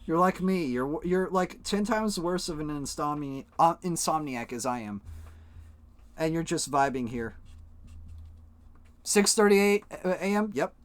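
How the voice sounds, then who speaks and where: A man's voice: on the high side, unhurried, long pauses, dry recording. A man live-streaming, chatting casually with his viewers and swearing freely as he talks to chat.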